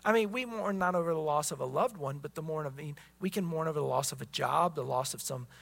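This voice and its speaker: A man's voice: a little high, fast talker, creaky, a bit bright. A man preaching a sermon as pastor, emphatic, often repeating words as he presses his points.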